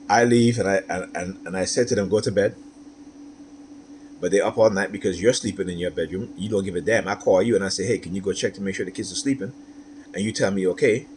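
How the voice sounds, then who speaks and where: A man's voice: fairly low pitch, darkish tone, a little hiss or hum. A man talking straight to camera in a personal monologue, aggrieved and repetitive, tagging his points with "right?". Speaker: vlogger.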